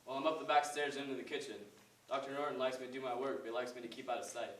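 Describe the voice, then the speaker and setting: A humble working-class orderly, played by a man in a school stage play. His talk is rough and folksy, and he speaks quickly. He sounds distant, in a roomy hall. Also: mid-range voice, little pitch movement, fairly bright tone, natural voice. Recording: echoey stage recorded from far off.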